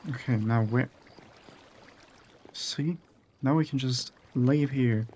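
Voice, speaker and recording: A man's voice: medium pitch, takes it slowly, a little mellow, a little hiss or hum. A young man giving casual, profane commentary while building in a video game, muttering to himself as he works. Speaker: gaming streamer.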